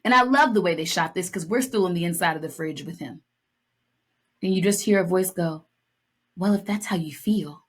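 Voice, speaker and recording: Animated woman telling a story on a podcast. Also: on the low side, a little fast, a little hiss or hum. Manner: animated storytelling, acts out lines, playful. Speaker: podcast co-host. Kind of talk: casual chat.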